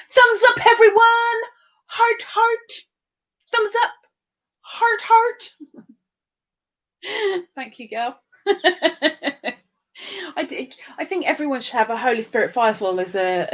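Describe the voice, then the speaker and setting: A woman's voice: very high voice, a bit bright, highs cut off. A tired woman hosting a casual live stream, chatting bubbly and greeting viewers by name with big upward swoops.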